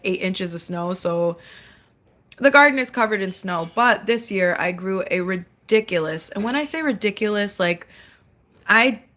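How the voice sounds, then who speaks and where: A chatty young woman talks live to her viewers from a dark room at home, speaking into her phone. Her voice sits in an ordinary middle range for a woman. She laughs often and hums or sings short snatches between remarks. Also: medium pitch. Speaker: livestream host. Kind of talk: casual livestream chat, reading comments.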